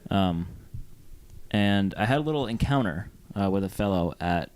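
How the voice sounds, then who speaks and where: In a low, slightly mellow voice, a young podcast co-host from Phoenix, Arizona, spins a loose, casual story. He sounds animated, talks at normal speed, and uses lots of fillers.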